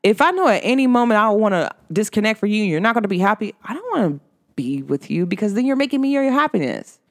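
Woman, podcast host, casual spiritual chat, animated storyteller, lots of "like", mid-range voice. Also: medium pitch, fast. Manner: animated storytelling, filler-heavy with frequent "like".

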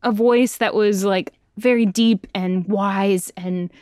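A woman's voice: medium pitch, fairly even intonation, slow pace, a little mellow, no room sound, studio quality. A young woman voice actor chatting as an interview guest, bubbly and self-deprecating, laughing often. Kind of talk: casual interview chat.

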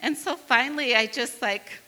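A woman's voice: high voice, moderate pace, in a large hall, noisy background. A woman from northern Wisconsin telling a funny personal story to an audience, acting out the voices of the people in it. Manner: lively, acts out quoted voices.

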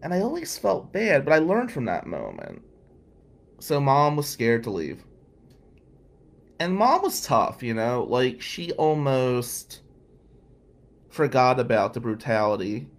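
A man's voice: medium pitch, gravelly. Candid man telling a personal story. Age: adult, past law school. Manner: candid, emotional, with sighs and bleeped curses. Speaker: storyteller recounting his past.

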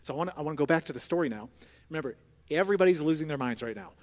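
A man preaching a sermon as pastor, moving between hushed prayer and loud, emphatic exhortation. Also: fairly high pitch, animated, very fast. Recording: long hall reverb.

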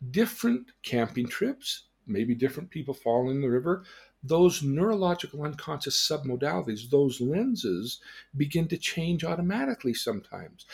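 An older man, a change coach, teaching through lively personal stories and acting out the people in them. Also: a little high, gravelly, breathy edge. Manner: animated storyteller who acts out quoted dialogue. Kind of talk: storytelling lesson on a podcast.

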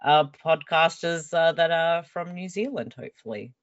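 A woman's voice: low voice, animated, normal speed. Give me a playful woman podcast guest on a lo-fi call recording. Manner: playful, joking banter. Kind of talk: casual podcast chat.

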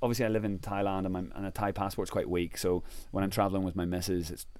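A man's voice: low-pitched, little pitch movement, fast talker, a little mellow, clean tone. An Irish man chatting as a podcast guest, telling travel stories animatedly, acting out the voices of people he quotes and laughing often. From Ireland. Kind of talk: casual storytelling chat.

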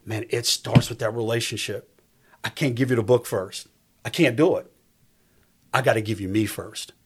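A husky-voiced man in his fifties, speaking as a guest in a faith-based conversation. He talks emphatically, with a preacher's cadence, and circles back to repeat his key lines. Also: medium pitch, normal speed. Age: 50s. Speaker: guest on a faith talk show.

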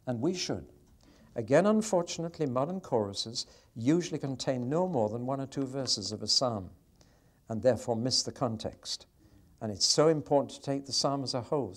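Guy bible teacher, animated sermon talk, speeds up and slows down. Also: mid-range voice. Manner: expressive, varies pace, asks the audience questions.

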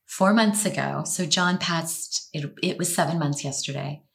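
Animated, low-voiced woman telling a personal story. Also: vocal fry. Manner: animated, expressive storyteller with quick laughs. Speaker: guest.

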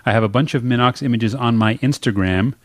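A man's voice: medium pitch, brisk. A male podcast co-host in casual chat, opinionated and explaining his views.

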